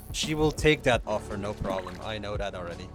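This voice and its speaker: Playful gaming streamer chatting with viewers. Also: male voice, on the low side, lively intonation, normal speed, over music. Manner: playful and joking, laughs often, talks to chat. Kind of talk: casual live-stream chat while gaming.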